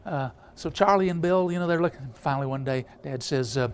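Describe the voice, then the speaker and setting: A man's voice: fairly high pitch, a little fast, smooth. A man preaching a storytelling sermon, rambling with many filler sounds and restarts.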